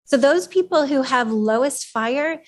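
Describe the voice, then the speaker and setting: A woman's voice: sits high, expressive, a little slow. Woman presenting to a small meeting. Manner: conversational, with fillers and audience questions. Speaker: speaker at a chapter meeting. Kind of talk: live presentation to a small audience. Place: meeting room with a live audience.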